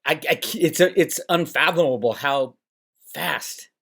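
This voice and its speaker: Middle-aged guy rambling on his channel, kinda high voice, sarcastic, does mocking voices. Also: a little slow, vocal fry, fairly bright tone, breathy edge. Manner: rambling, sarcastic, mocks others in put-on voices. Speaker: channel host. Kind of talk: casual monologue to camera. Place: home, Northern California.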